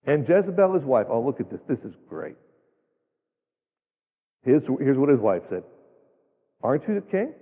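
Folksy, emphatic male preacher, husky, heard through a long church echo. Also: mid-range voice, sing-song, normal speed, long pauses. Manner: folksy, emphatic, rhetorical questions. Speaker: pastor. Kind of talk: sermon. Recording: tinny phone-like sound, long hall reverb.

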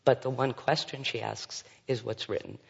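This man, a Bible teacher, speaks at normal speed in a steady, gravelly, husky mid-range voice. He reads scripture aloud during a Bible study and adds commentary full of fillers and asides, captured with dull sound and long hall reverb.

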